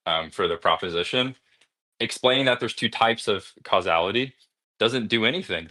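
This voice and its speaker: A man debating online in a rush of words, his voice bright and forceful. He is aggressive and profane and mocks his opponent at every turn. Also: lowish voice.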